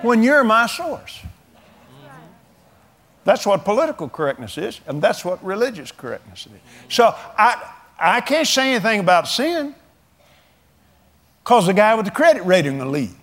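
A man in his seventies preaches a folksy sermon, chuckling as he tells stories in plain, drawling colloquial speech. His high, slightly bright voice swings widely in pitch at a normal speed, with frequent pauses.

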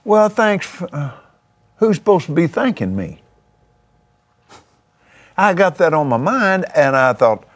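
A man's voice: fairly high pitch, measured pace, pauses often. A man who hosts a TV show and preaches in a testimony style while chatting, fervent and exclamatory. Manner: fervent and exclamatory, with sudden excited jumps.

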